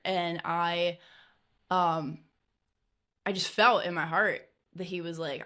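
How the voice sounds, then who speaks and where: A woman's voice: on the low side, takes it slowly, pauses often, bright, forceful tone. A woman guest on a podcast telling a personal story in a casual way, full of fillers and nervous little laughs.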